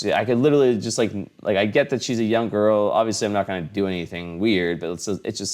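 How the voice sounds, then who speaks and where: A young adult man's rambling astrology vlog, filmed with a fixed camera in a home room, is full of restarts and filler words in casual talk. His voice sits on the low side, with a brisk pace and a darkish tone.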